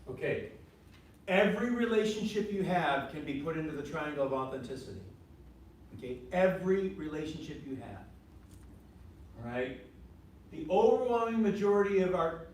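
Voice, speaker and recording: Male ministry teacher, conversational class talk; heavy room echo, faint background noise. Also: on the high side. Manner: conversational, repeats points, asks the class questions. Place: meeting room with a group. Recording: very echoey room from far off.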